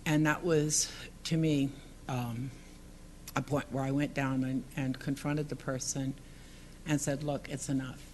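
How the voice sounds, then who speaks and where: A woman's voice: extremely low pitch, steady tone, unhurried, a little hiss or hum. A woman giving public comment at a city council meeting, earnest and partly reading from prepared text.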